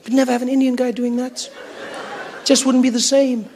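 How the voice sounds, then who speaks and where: High-voiced standup comedian. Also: male voice, brisk, slight background noise. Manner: animated storytelling with acted-out voices.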